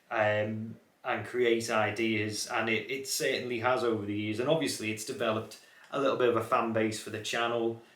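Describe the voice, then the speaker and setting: Speaking to camera in an echoey room, a young man hosting a car channel reflects casually in a fairly low, slightly bright voice. He has a watered-down Scouse accent from the Liverpool area of England and rambles with lots of fillers and restarts.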